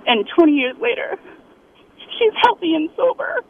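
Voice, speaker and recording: A woman's voice: very high-pitched, big pitch swings, normal speed. Grateful female caller on the phone. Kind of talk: phone-in tribute. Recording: tinny phone line.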